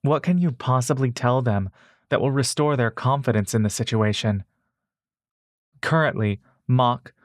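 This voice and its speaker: Slow, dry-voiced male story narrator. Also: medium pitch, no echo. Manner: measured, steady storytelling. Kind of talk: second-person audiobook narration.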